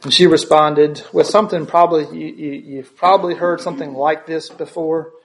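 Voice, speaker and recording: Preaching a sermon, this man tells a story himself in a slightly high voice, keeping a steady tone at normal speed. He frequently starts phrases over and uses brief tag questions to check in with his audience.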